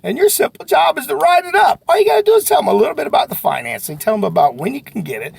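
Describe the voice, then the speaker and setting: Animated, gravelly-voiced man. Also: very high-pitched, rapid-fire, dry recording. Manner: folksy and animated, jumps to sudden shouts. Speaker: sales trainer. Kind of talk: motivational sales talk to camera.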